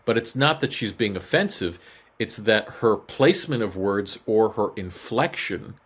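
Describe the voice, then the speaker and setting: Lowish-voiced joking male voice actor. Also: a little slow. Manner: animated, jokey, slips into impressions. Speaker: guest voice actor. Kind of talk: casual podcast chat.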